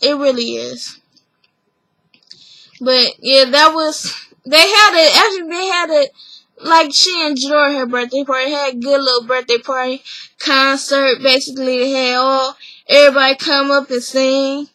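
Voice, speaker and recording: A woman's voice: high-pitched, steady tone, moderate pace, pushed and bright, no room sound, low-quality recording. A woman recapping a reality show episode in a chatty, opinionated vlog, acting out the people she quotes. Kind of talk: casual recap review.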